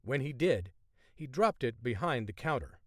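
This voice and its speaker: A man narrating a thriller audiobook in a measured storytelling voice. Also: medium pitch, sing-song, no echo, studio quality.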